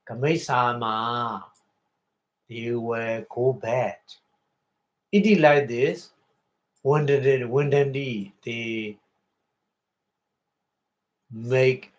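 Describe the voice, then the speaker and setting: A man with a Burmese accent, a Buddhist monk giving a Dharma talk, explaining Pali words slowly with many pauses and repetitions. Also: medium pitch. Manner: slow, halting, repeats and glosses words.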